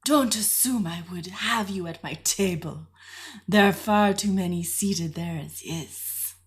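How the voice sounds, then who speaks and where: A woman's voice: lowish voice, measured pace, breathy edge. A woman voicing an aged, impatient and condescending woman mystic with a thick foreign accent. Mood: dismissive.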